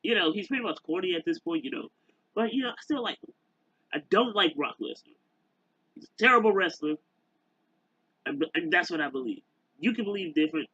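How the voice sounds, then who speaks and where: Guy ranting into a cheap mic, husky voice jumping up and down a lot, keeps trailing off and restarting, dull dry lo-fi sound. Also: high voice, animated, pushed and bright, dry recording. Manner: rambling, halting, many fillers and restarts. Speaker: YouTuber. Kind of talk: casual rant to camera.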